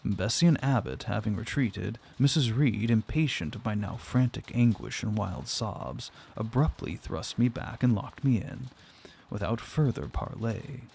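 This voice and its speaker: A man narrating a classic novel aloud in a steady, measured reading. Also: fairly low pitch, gravelly, a little hiss or hum. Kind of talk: audiobook narration.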